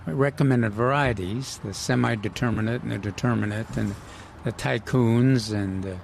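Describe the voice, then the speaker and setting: A man talks through garden advice in a gravelly voice, full of "uh"s and restarts. His casual radio chat is recorded outdoors at a nursery, with faint background noise. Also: medium pitch. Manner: halting, many fillers and restarts. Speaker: gardening show co-host.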